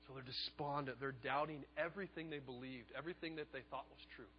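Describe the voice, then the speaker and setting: A man preaching a sermon, telling the story in a lively way and acting out the quotes. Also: medium pitch, fast talker, big-room sound, highs cut off, slight background noise. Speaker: pastor.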